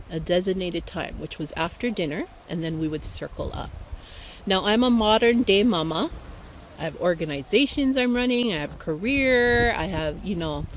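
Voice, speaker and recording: A woman's voice: lowish voice, a little hiss or hum, low-quality recording. A woman from Hawaii speaking in a heartfelt, reflective way, telling a personal story as a speaker in an online talk. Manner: heartfelt, reflective, unhurried with fillers.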